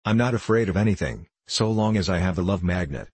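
A man reading the part of a calm, kindly shaggy wanderer in a storybook, unhurried and gentle. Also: low-pitched, slightly rough, no room sound.

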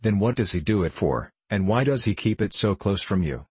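A man's voice: fairly low pitch, lively intonation, moderate pace, darkish tone, slightly rough, no room sound. A man voicing a fond, fretful working-class mother in a storybook reading. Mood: worried.

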